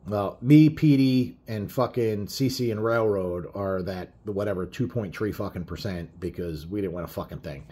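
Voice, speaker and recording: A man's voice: on the low side, moderate pace, few pauses, warm tone, husky. A middle-aged man telling a road story in a blunt, profane, rambling way, full of fillers. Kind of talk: casual spoken storytelling.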